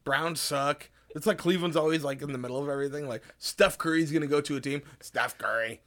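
A man's voice: on the high side, fast talker, fairly bright tone. Joking man on a podcast. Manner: joking, laughs often, mimics radio voices. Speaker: podcast co-host. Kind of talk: casual chat.

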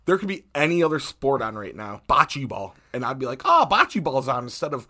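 A man's voice: mid-range voice, lively intonation, fairly quick, pushed and bright. A man with a lisp, co-hosting a podcast in casual, rambling banter and laughing often. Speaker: podcast co-host.

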